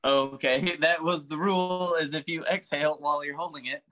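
Brief: male game master, bright forward tone, casual joking delivery. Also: on the high side, moderate pace. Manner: relaxed, joking rulings. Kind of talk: running a tabletop game.

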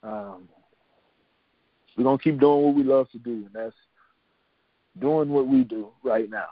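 A man's voice: mid-range voice, a little slow, no room sound, narrow, tinny audio. A man hosting a podcast, chatting casually, often repeating words and laughing as he signs off. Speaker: podcast host. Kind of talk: casual podcast sign-off chat.

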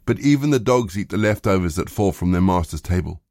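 Pleading mother, as a male reader voices her; low-pitched, dry, unadorned. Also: expressive, a little fast, darkish tone, no room sound. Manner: plain reading voice.

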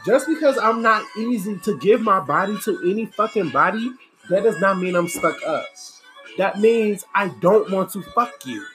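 A woman's voice: mid-range voice, expressive, moderate pace. A woman talking bluntly and profanely in an exasperated, candid monologue. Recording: music playing behind the voice. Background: music.

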